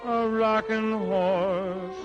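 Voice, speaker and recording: An actor playing a relaxed, teasing young cab driver who croons a lullaby, in 1930s film style. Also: male voice, sits high, drawn-out words. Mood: crooning. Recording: dull old film soundtrack with music.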